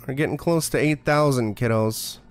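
Streaming a horror game, a man offers casual, profane, sarcastic commentary and plays up being scared. His voice is medium-pitched at a moderate pace, with soft music in the background.

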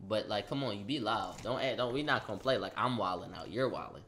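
A young man casually telling a story in slang, acting out the quotes loudly. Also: fairly low pitch, quick pace, slight background noise. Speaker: vlogger.

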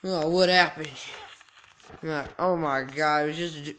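A man's voice: fairly high pitch, fairly even intonation, a little slow, fairly bright tone. A young man giving goofy, jokey let's-play commentary, talking back to the game's characters. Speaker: gaming YouTuber.

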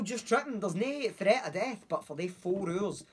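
A young man with a Glasgow accent, telling a story in a casual chat, animated, acting out voices and swearing freely. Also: sits high, moderate pace, slightly rough. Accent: Scottish, Glasgow. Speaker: podcast guest.

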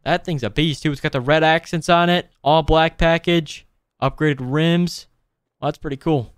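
An excitable man talks his viewers through a video game in casual, off-the-cuff commentary. His voice sits a touch high and sounds smooth and clear. He exclaims often and chats to the audience like friends. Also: moderate pace, no room sound. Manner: excitable, frequent exclamations, addresses viewers as boys. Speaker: gaming video host.

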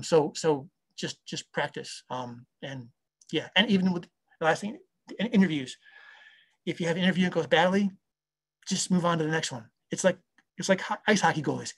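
A middle-aged man, a company founder, talking casually and rambling with lots of fillers. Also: a little high. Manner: rambling, full of fillers and acted-out quotes. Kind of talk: casual talk to an online audience.

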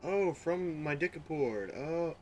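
A man's voice: fairly high pitch, animated, takes it slowly, darkish tone. A man streaming a video game from his home setup, chatting casually, laughing often and swearing freely. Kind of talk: casual gaming chat.

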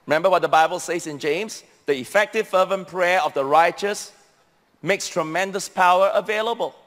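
High-voiced pastor preaching in a hall. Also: male voice, moderate pace. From Singapore. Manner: animated preaching, acting out Bible voices, addresses the congregation. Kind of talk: sermon. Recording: long hall reverb.

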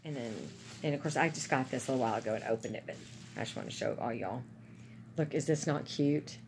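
A woman's voice: extremely low pitch, fast talker, background noise. A woman chatting casually and gushing to her viewers about gifts she is unboxing. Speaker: vlogger.

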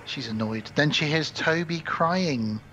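A man's voice: a little high, a little slow, sharp tone, dull audio, a little hiss or hum. A man co-hosting a podcast, retelling a film's plot casually and acting out the characters' lines. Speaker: podcast co-host. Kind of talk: casual film recap.

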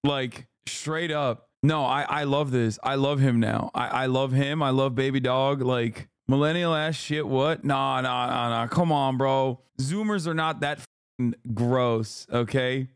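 A man streaming, giving loud, joking, profane commentary as he reacts to videos and laughs often. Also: mid-range voice, measured pace, clean tone, no room sound, clean studio sound.

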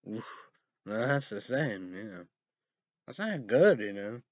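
A man reading news headlines aloud and ranting about them in a rambling, casual way, breaking into loud outbursts and cursing. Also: medium pitch, sing-song, no echo, highs cut off. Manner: reads headlines slowly, then rants loudly with cursing.

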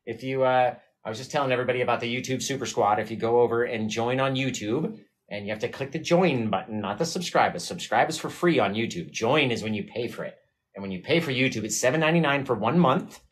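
A man hosts a live painting stream and tells a rambling, self-mocking story to his viewers. He laughs often, and his voice sits at an ordinary middle pitch for a man. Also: fast. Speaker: livestream painting host. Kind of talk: casual chat with live viewers.

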